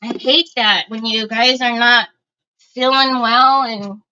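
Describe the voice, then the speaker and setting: A woman's voice: on the high side, steady tone, takes it slowly, sharp tone, smooth, muffled recording. A woman hosting a casual craft livestream, chatting with viewers as she works and thinking aloud.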